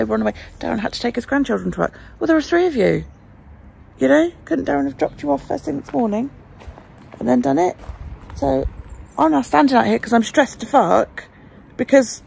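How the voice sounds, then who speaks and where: Woman vlogger, gravelly and blunt, swears freely while venting, faint background noise. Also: high voice, darkish tone. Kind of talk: casual vlog monologue.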